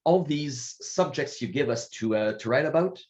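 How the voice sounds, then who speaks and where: A man joins the podcast as a guest writer and speaks casually. He keeps his answers short and sounds appreciative, in a middle-pitched voice. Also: lively intonation, normal speed, darkish tone, dull audio. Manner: brief, appreciative replies. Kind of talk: casual conversation.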